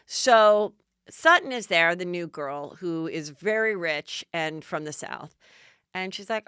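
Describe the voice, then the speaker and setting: A woman's voice: lowish voice, lively intonation, slow, a bit bright, smooth, no room sound, clean studio sound. A woman hosting a podcast, recapping TV gossip in a chatty, sarcastic way and swearing freely. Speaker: podcast host.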